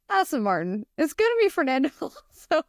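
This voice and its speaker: A woman's voice: high voice, sing-song, normal speed, no room sound. Upbeat American woman hosting, dry close sound. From United States. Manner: laughs often, teasing and upbeat. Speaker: podcast host. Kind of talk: casual podcast chat.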